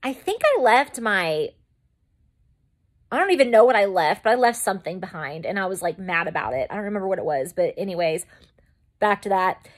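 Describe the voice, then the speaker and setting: A woman's voice: mid-range voice, sing-song, brisk. A young woman vlogger telling a personal story in a casual, chatty way, rambling into side remarks and acting out her own past reactions. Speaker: makeup vlogger.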